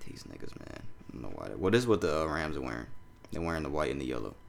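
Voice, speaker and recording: A young man hosting a casual sports chat, loose and animated, swearing freely as he talks through the news. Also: rumbling low, racing, gravelly. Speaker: podcast host.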